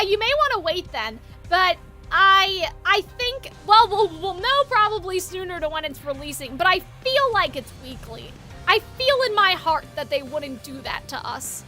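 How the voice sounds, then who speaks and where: A woman's voice: very high voice, expressive, normal speed, sharp tone, faint music behind. A woman streaming a game, chatting casually and rambling, with a dry throat.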